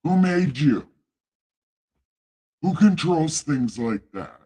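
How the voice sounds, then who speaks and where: A man's voice: fairly high pitch, very animated, takes it slowly, mellow, slightly rough, heavily acted. A man playing an exasperated, irritable God in a comic Bible reading with ad-libs, ranting and whining. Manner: exasperated, whiny comic rant.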